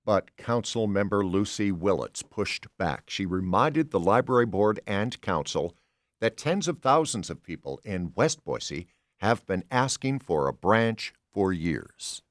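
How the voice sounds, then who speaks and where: A man hosting a public radio news program, reading the day's stories in a measured, conversational delivery from a studio microphone. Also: lowish voice, animated, dry recording. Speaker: news host.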